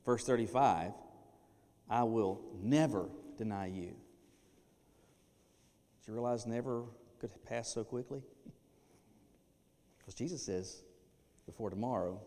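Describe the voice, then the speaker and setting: A pastor delivering a sermon, animated, breaking into playful acted asides. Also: male voice, fairly low pitch, slow pace, long pauses. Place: church sanctuary. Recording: long reverb of a church hall.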